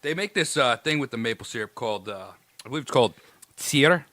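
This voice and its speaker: A man's voice: medium pitch, animated, fairly quick, sharp tone, dry recording. Easygoing New England podcast guy. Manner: easygoing storyteller. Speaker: podcast co-host. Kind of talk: casual chat.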